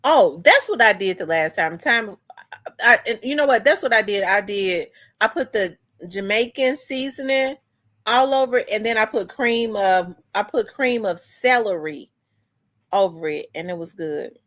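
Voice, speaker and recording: Woman host, casual rambling livestream chat, mid pitch. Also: animated, normal speed, a bit bright. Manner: chatty, restarts and talks back to chat comments. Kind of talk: casual chat with live viewers.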